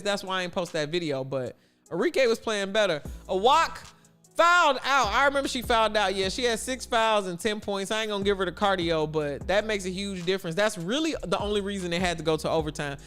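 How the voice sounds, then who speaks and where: A man's voice: high voice, fairly bright tone, clean tone. A man from Chicago hosting a casual sports livestream, chatty and answering his viewers' chat aloud. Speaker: livestream host.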